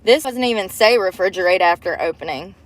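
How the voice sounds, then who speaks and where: A woman's voice: mid-range voice, expressive, fairly quick. A woman live-streaming from inside her car on a phone camera, chatting to viewers in a casual, profane way. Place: inside a parked car at a drive-thru.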